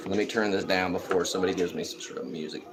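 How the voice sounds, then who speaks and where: A woman hosting a casual livestream from home, chatting in a relaxed way and sometimes dropping to a whisper. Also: extremely low pitch, fast talker, very noisy. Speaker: livestream host. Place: home bedroom.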